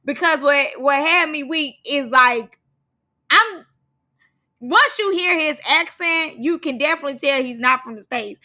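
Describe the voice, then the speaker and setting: Woman, high voice, bright sharp tone, casual gossip recap, slangy, laughs a lot. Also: moderate pace. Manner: animated, slangy, laughs often. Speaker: reality show recap vlogger.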